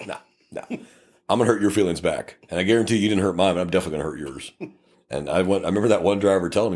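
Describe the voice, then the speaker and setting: A middle-aged man from Texas with a fairly low voice, a police officer co-hosting a podcast, swaps cop stories in casual chat. He's blunt and swears a lot, and he jumps into lively quick-voiced impressions of both the angry drivers and the officers at traffic stops.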